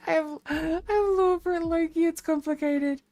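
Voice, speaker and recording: A woman streamer chatting casually with her viewers, blunt and candid, with a lower-toned voice and a quick laugh. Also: fairly even intonation, mellow, faint music behind. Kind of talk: casual live-stream chat.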